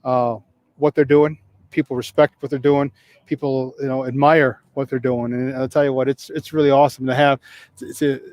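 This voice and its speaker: A man's voice: mid-range voice, level tone, normal speed, darkish tone. A man co-hosting a live sports talk show, rambling with many restarts. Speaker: co-host. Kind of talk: live sports radio chat.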